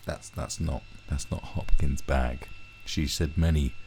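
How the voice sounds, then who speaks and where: A man's voice: extremely low pitch, fairly even intonation, unhurried, darkish tone, a little hiss or hum. A man ranting through a commentary video, swearing heavily and often restarting his sentences. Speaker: commentary vlogger.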